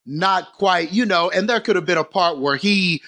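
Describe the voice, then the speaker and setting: A man, talking through a movie scene in a casual podcast chat, animated and rambling. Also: high voice, moderate pace. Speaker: podcast co-host.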